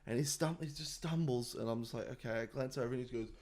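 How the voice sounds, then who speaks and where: A young man chatting on a podcast with friends. He tells his stories with animated energy and drops the occasional swear. His pitch sits in an ordinary middle range for a man. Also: fast talker. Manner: animated storyteller, swears freely. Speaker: podcast co-host. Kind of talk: casual chat.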